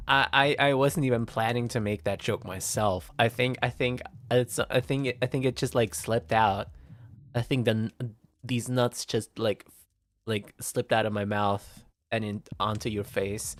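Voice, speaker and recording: A man's voice: mid-range voice, a bit bright. A male VTuber streamer, not a native English speaker, chatting casually in a giggly, stammering way that repeats words. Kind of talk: casual livestream chat.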